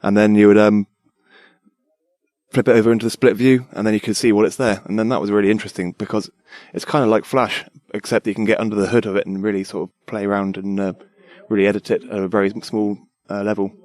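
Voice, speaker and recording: In a dry, studio-quality recording, a young designer guest talks eagerly about his work in casual tech chat, rambling with fillers. His voice is lowish, darkish in tone, flat in delivery, and fast.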